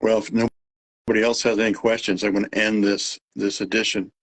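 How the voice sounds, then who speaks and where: Man, Texas accent, a bit nasal, lowish pitch, relaxed rambling chat. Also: moderate pace, rough recording. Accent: Texan. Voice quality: a little nasal. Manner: relaxed, rambling, with fillers and restarts. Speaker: host of a live radio-monitoring Q&A. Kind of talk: casual live chat.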